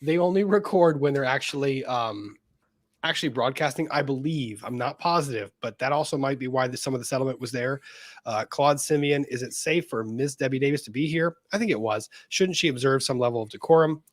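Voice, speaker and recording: A man's voice: medium pitch, brisk, no echo, studio quality. A man co-hosting a casual livestream, reading viewer comments aloud and laughing often. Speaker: co-host reading super chats.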